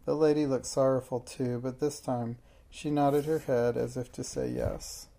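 A narrator reading a children's chapter book aloud in a gentle, even manner. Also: medium pitch, unhurried, gravelly, a little hiss or hum. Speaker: storybook narrator.

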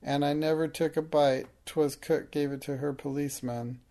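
A man voicing a timid, poor scullery girl who pleads in rough dialect speech. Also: fairly high pitch, fairly even intonation, moderate pace, mellow, lightly acted. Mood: sobbing.

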